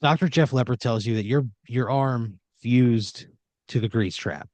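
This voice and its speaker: A man's voice: mid-range voice, unhurried, a little mellow, dry recording. A young man spins an improvised comedy story in a loose, rambling way, packed with "like" and swearing. His voice sits in an ordinary middle range. The recording is dry and close. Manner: rambling, filler-heavy and profane. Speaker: podcast host and storyteller.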